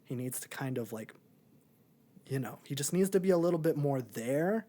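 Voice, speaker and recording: Over slight background noise, a young co-host talks about a movie at normal speed, his medium-pitched voice animated yet dark in tone. The conversation is casual and rambling, relaxed, and full of filler.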